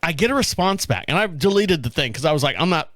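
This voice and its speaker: A middle-aged man hosting a podcast, telling a story in casual chat, animated, acting out the voices of the people in it and laughing often. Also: on the high side, fast talker, no room sound, studio quality. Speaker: podcast host.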